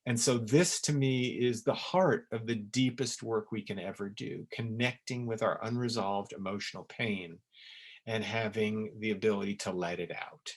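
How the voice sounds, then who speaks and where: A man's voice: on the low side, steady tone, normal speed. Earnest man giving a webinar talk. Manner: earnest, emphatic, repeats words for stress. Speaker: essence maker giving a webinar.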